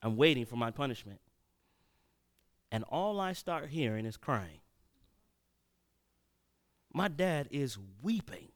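A man preaching a sermon, telling a personal story and swinging between loud and hushed delivery. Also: mid-range voice, sing-song, slow, pauses often.

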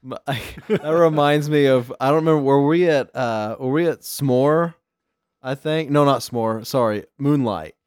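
Male host, quick and loose, filler-heavy. Dry room. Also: medium pitch, darkish tone, dry recording. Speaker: podcast host. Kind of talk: casual chat.

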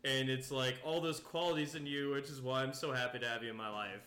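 A man's voice: medium pitch, fairly even intonation, fast, pushed and bright, roomy sound. A young man co-hosting a podcast, chatting casually, rambling with lots of fillers and laughing often. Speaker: podcast co-host. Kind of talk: casual chat.

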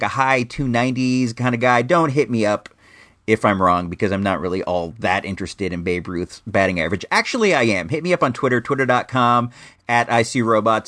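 A chatty male podcast host with a lively, bouncing pitch, who wanders off on tangents. He talks casually and pokes fun at himself as he reviews a film. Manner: rambling, self-deprecating, chatty.

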